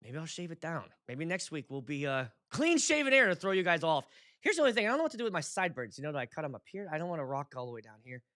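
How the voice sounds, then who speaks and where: Chatty male stream host, thirties, rambling, bright voice, a bit high. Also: big pitch swings, quick pace, few pauses. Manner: chatty, rambling, self-deprecating. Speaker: DJ and show host. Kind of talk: casual livestream chat.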